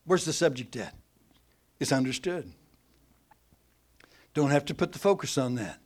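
A middle-aged man preaching a sermon, teaching with animated emphasis that swings between loud and soft. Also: medium pitch, a little slow.

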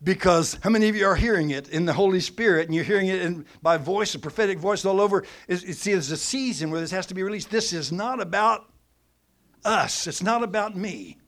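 A middle-aged man preaching a sermon, teaching with animated emphasis that swings between loud and soft. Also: high voice, fairly quick.

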